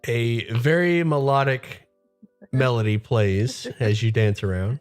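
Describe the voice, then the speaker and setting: A man's voice: medium pitch, measured pace, faint music behind. A man narrating as game master and making playful sound effects.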